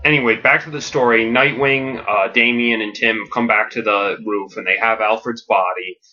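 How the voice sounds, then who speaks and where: A man hosting a comedic podcast, pitching a story in a rambling, filler-heavy way with deadpan enthusiasm. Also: normal speed, highs cut off.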